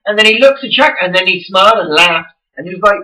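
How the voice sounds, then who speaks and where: Sweary ranting man, bright voice. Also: high voice, animated, fast, distant mic, poor audio. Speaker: vlogger. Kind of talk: casual ranting vlog.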